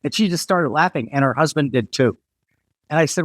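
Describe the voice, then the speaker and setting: A man's voice: fairly high pitch, brisk, no room sound, studio quality. An American man hosting a podcast interview, telling rambling stories with many restarts. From United States. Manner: rambling storyteller with frequent restarts. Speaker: podcast host. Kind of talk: casual interview conversation.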